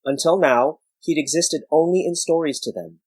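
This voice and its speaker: A man giving measured scripted narration of a story. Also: fairly high pitch, a little mellow, breathy edge, no room sound, low-quality recording.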